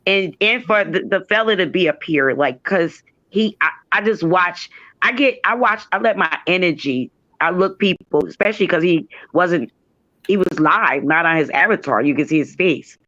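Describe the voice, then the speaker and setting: A man from New Jersey joins a live stream over a remote call, his audio dull and lo-fi and very dry. His tone is bright and forceful. He speaks earnestly and spiritually, circling back through his phrases. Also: high voice, normal speed, no room sound. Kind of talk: casual live-stream chat.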